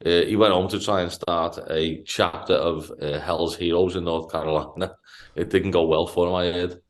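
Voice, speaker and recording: A man from Liverpool with a Liverpool accent, telling a profane, animated story on a casual podcast. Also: low-pitched, moderate pace. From Liverpool, England. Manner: profane, animated anecdote-telling with stammered restarts. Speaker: podcast host.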